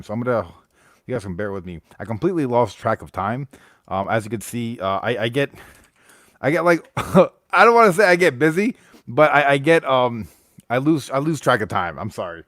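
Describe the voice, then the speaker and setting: On his laid-back live stream, a US man rambles, trips over restarts and says hi to viewers in chat. His medium-pitched voice is expressive and a bit bright, at a moderate pace. The audio is close-miked and dry, free of echo.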